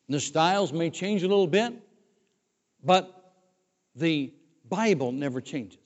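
A man's voice: a little high, lively intonation, slow, long pauses, darkish tone. An older man preaching a sermon as a former pastor, conversational and often restarting his words. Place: church sanctuary. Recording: dull recording with long hall reverb.

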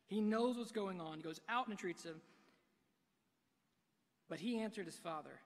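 A man preaching a sermon from a church pulpit, swinging between hushed and loud delivery. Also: high voice, animated, moderate pace, long pauses. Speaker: pastor. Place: church sanctuary. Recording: long reverb of a large hall.

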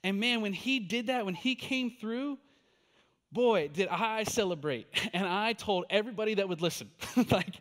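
High-voiced man preaching a story sermon. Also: unhurried. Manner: conversational, animated storytelling. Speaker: pastor.

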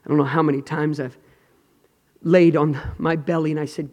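A man preaching a sermon with passion, swinging from loud cries to hushed whispers. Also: fairly high pitch, level tone, normal speed. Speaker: pastor. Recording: long hall reverb.

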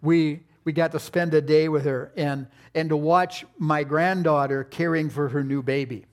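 A man's voice: fairly high pitch, fairly even intonation, moderate pace. An older man preaching a sermon, telling folksy family stories with playful asides. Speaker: pastor.

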